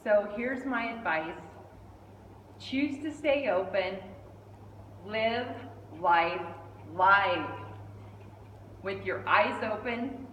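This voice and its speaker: A middle-aged woman giving a lively storytelling speech, acting out the voices of the people in her story. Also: medium pitch, drawn-out words, long pauses, recorded from a distance, a little hiss or hum. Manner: animated, acts out quoted voices. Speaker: speaker at a speech club. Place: meeting hall indoors. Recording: echoey hall, mic from afar.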